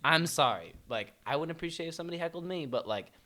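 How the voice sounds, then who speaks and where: A man's voice: a little high, animated, fast, bright, forceful tone. A young man, a guest musician on a podcast, telling stories in casual chat and laughing through his words.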